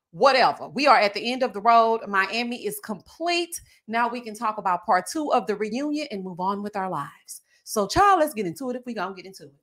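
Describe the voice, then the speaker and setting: Sassy high-voiced woman live-streamer. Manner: sassy, animated, says honey and child a lot. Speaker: YouTube live-stream host. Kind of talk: casual live commentary.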